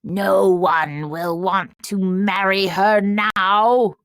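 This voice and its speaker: A woman's voice: medium pitch, fairly even intonation, extremely slow, a bit bright, clear, resonant tone, no echo. A woman voicing an old, cruel wicked witch who cackles with spite in a children's storybook reading. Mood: gloating.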